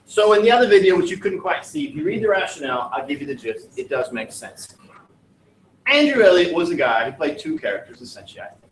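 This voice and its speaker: A man's voice: high voice, sing-song, fast talker, roomy sound, a little hiss or hum, low-quality recording. A man teaching a class in a casual, digressive, joking way. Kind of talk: classroom lesson.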